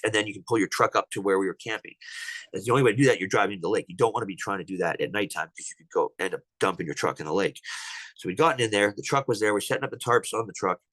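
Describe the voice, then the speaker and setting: A man's voice: lowish voice, fairly bright tone, no room sound, low-quality recording. A man on a podcast telling a personal encounter story at length, rambling with many restarts. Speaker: podcast guest.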